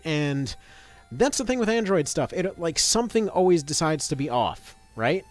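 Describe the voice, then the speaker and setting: A man's voice: a little high, big pitch swings, moderate pace. Chatty rambling male game streamer. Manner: rambling, chatty, many fillers. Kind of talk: casual gameplay commentary.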